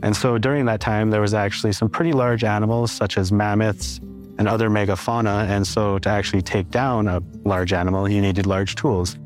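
A man explaining in a steady interview manner, often linking ideas with "and so". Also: on the low side, brisk, soft background music.

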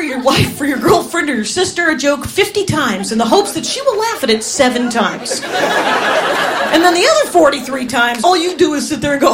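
A woman from Wisconsin performs stand-up, her voice high and swinging widely as she laughs through family stories. A live crowd reacts loudly around her. The recording carries clear background noise. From Wisconsin, USA. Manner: animated, laughing storytelling with acted-out quotes. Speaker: stand-up comedian. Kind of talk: stand-up comedy set. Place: comedy venue in front of an audience. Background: audience laughter.

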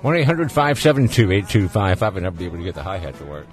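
Deep-voiced Southern radio host. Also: male voice, big pitch swings, very fast, faint music behind. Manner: easygoing, chatty, folksy. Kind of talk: casual call-in radio chat.

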